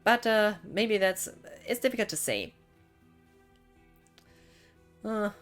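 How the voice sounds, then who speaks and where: A woman's voice: medium pitch, expressive, normal speed, few pauses, soft background music. A young woman with a German accent, a non-native English speaker, rambling casually as she chats on a live gaming stream. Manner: rambling, thinking aloud.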